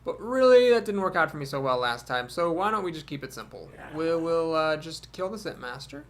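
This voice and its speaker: A man casually commentating his own card game, thinking aloud and poking fun at his own mistakes, with sudden animated outbursts. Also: on the high side, a little fast, a little hiss or hum.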